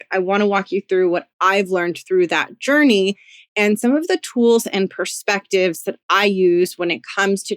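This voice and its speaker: A woman host speaks in a gentle, encouraging way, often dropping "like" and "you know." Her voice sits at an ordinary middle pitch. It is recorded on a close, dry mic with no room sound. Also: no echo. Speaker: podcast host and career coach for women. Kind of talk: solo podcast monologue.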